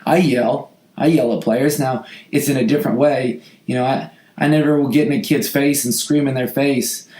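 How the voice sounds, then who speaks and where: A man with a slightly hoarse voice, a football coach hosting a podcast, answering questions in an earnest, heartfelt way with frequent restarts. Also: medium pitch, steady tone, moderate pace, hardly any pauses, darkish tone. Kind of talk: casual podcast talk answering listener questions. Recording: roomy echo.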